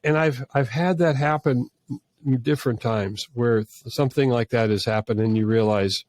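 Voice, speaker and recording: A man's voice: medium pitch, moderate pace, darkish tone, dry recording. A man, a filmmaker guest on an interview podcast, telling stories earnestly with many restarts and false starts. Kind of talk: conversational storytelling.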